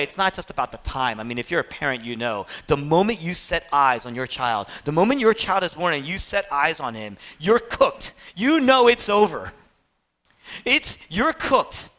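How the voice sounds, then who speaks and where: A male pastor preaching an impassioned sermon, swinging between loud, urgent passages and hushed, quiet ones. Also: on the high side, very animated, fairly quick, hardly any pauses.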